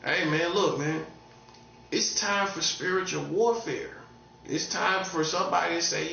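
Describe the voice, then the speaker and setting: A man's voice: high-pitched, measured pace, creaky, bright, forceful tone, echoey room, lo-fi sound, slight background noise. A man preaching in a casual, street-talking way, repeating himself and laughing at his own jokes. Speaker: prophet. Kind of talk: informal preaching monologue.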